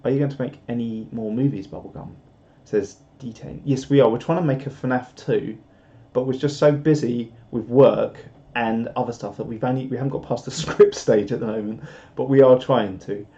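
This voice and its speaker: This mid-range male voice has a dark tone and fairly even intonation, moving at a moderate pace with few pauses. He's a live stream host reading viewer comments aloud in a rambling, joking manner. The chat is casual, captured on a dull lo-fi recording.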